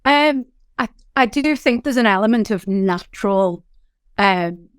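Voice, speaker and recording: Energetic Liverpudlian businesswoman, smooth dry voice. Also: medium pitch, dry recording. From England. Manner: animated, quick storytelling with frequent fillers. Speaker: company founder, guest. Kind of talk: candid interview talk.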